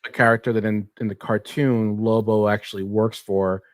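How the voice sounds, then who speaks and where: A man co-hosting a podcast, talking in an animated, joking way that swings up and down in pitch. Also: moderate pace, dry recording, studio quality. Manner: animated, jumps between high and low pitch while joking. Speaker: podcast co-host. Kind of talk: casual chat.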